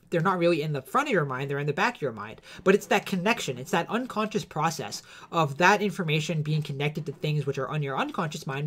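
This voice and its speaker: A man giving an unscripted explanatory lecture, hesitant, with many fillers and self-corrections, and a cough. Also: on the high side.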